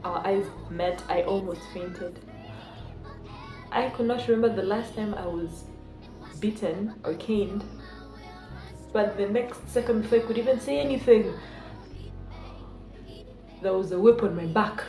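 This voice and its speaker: A young woman with a Kenyan accent telling a high school story in a playful, animated way. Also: unhurried, long pauses. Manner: animated, playful, switches into Swahili. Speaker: vlogger. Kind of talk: story time. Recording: echoey room with music behind.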